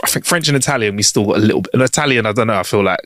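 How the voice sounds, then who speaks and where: A man's voice: fairly low pitch, very fast, fairly bright tone, no echo, clean studio sound. A man co-hosting a comedy podcast, playful and laughing at his own jokes in casual chat. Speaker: podcast co-host.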